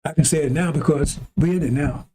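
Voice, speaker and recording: A man's voice: a little high, a little fast, a little hiss or hum. A man preaching in a rambling, conversational way, now and then acting out heated arguments in a raised voice. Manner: animated, acts out arguments with God in a raised voice. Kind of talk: rambling sermon.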